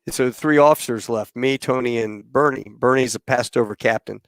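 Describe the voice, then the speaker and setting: A man in his fifties tells an old flying story with loose, rambling energy, laughing along and swearing freely. His voice sits at an ordinary middle pitch, recorded dry and close with no room sound. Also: fairly quick, no room sound. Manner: laughs often, swears, rambling anecdotal delivery. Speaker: podcast host and former military pilot. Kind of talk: casual storytelling.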